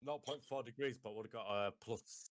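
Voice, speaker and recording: A man's voice: mid-range voice, moderate pace, a little hiss or hum. A man, playing a tabletop role-playing game in a cheeky, laughing manner with heavy swearing. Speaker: player.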